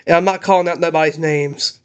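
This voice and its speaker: A young man ranting in a casual home vlog, emotional and halting with many restarts, recorded on a laptop in his parents' house. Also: a little high, steady tone, clean tone. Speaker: channel host.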